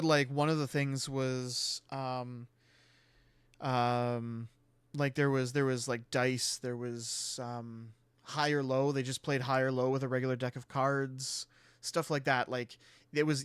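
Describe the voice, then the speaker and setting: A man's voice: medium pitch, fairly bright tone, clean tone, no room sound. A man hosting a stream, rambling casually and laughing often. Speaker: streamer host. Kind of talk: casual chat.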